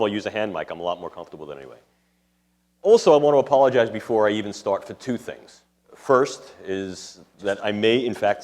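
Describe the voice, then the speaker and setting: A man's voice: on the low side, a little mellow. A man with a New York City accent giving a public lecture to an audience, speaking in a discursive, academic way with technical jargon. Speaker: guest lecturer. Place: lecture room before an audience.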